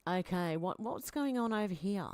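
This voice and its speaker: A woman's voice: mid-range voice, expressive, moderate pace, darkish tone, clean tone, dry recording. Aussie woman doing a casual livestream, reading out comments and chatting between them, dry close sound. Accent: Australian. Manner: chatty, reacts aloud, with asides and fillers. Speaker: live stream host.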